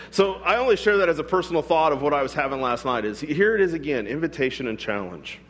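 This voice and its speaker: A man's voice: mid-range voice, big pitch swings, quick pace, few pauses, fairly bright tone, a little hiss or hum. A man, a pastor, preaching a sermon in a conversational way, with frequent rhetorical asides to his congregation.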